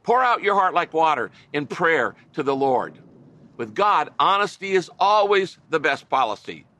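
A man's voice: on the high side, big pitch swings, moderate pace, sharp tone. A middle-aged man preaching a sermon as a pastor, earnest and conversational, with wry asides to his listeners.

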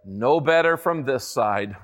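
A man's voice: medium pitch, lively intonation, a bit bright, voice pushed down. Eeyore, a mopey old donkey, read by a man. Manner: slow, drawn-out, despondent delivery. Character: gloomy old male donkey, slow and mopey. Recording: long hall reverb.

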